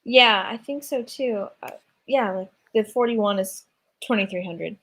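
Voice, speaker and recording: Husky-voiced woman co-hosting a chat. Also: medium pitch, unhurried, a bit bright. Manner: hesitant, agreeable, thinking aloud. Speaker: co-host. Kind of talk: casual chat.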